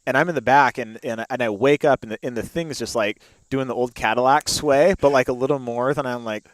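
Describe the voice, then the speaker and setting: A man's voice: medium pitch, a little fast, no echo. A young man telling a long story in casual chat, with lots of fillers and laughs, spoken into a studio mic. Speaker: podcast guest.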